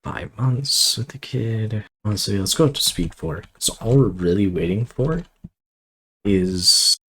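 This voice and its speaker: A man's voice: lowish voice, lively intonation, a little slow, a bit bright, breathy edge, poor audio. A man casually commenting on his strategy game as he plays, thinking aloud and rambling with fillers and asides. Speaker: gameplay commentator.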